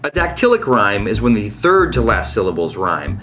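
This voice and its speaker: A man teaching songwriting in a comedic video lesson. His voice swings widely up and down in pitch as he explains the rules. He keeps slipping dry, jokey asides between the points. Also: sing-song, normal speed, a bit bright, faint music behind. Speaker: online lyric-writing teacher.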